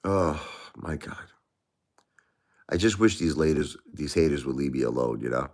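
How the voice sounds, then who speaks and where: A man's voice: extremely low pitch, animated, normal speed, darkish tone. A middle-aged man hosting a livestream, talking emotionally to viewers and repeating himself as he grieves. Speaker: livestream host.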